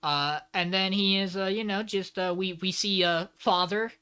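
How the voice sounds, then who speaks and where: A man's voice: high voice, fairly even intonation, moderate pace, pushed and bright, smooth. A man co-hosting a podcast in casual chat. He recaps an episode with lots of filler words and some swearing, and he acts out the lines of the characters. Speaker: podcast co-host.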